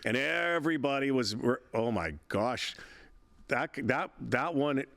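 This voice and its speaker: A man's voice: medium pitch, animated, unhurried, creaky, a bit bright, no room sound. A man in his sixties, a veteran broadcaster and interview guest, telling stories in a chatty, rambling way with frequent laughs and restarts. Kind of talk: casual interview storytelling.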